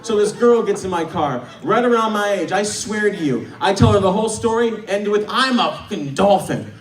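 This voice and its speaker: A young man from the American Midwest telling stories in a stand-up comedy set, animated and sometimes shouting, in a small club. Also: high-pitched, fairly quick. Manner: animated storytelling, bursts into shouts. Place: small club, live audience. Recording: echoey room, distant mic, audience noise.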